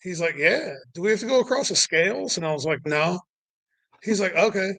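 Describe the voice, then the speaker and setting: Young male guest, bright, high voice, rambling casual storyteller. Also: lively intonation, a little fast, no room sound, poor audio. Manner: rambling, heavy on "like" and "you know". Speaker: podcast guest.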